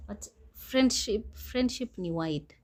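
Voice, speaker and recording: Young Kenyan female co-host, mid-pitched, thoughtful code-switching chat. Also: lively intonation, takes it slowly. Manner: reflective, acts out quoted people. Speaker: podcast co-host. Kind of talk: casual chat.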